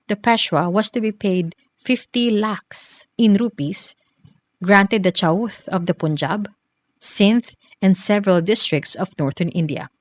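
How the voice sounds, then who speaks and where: A woman narrating a history textbook as an audiobook reader, in a measured, phrase-by-phrase reading. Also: medium pitch, dry recording.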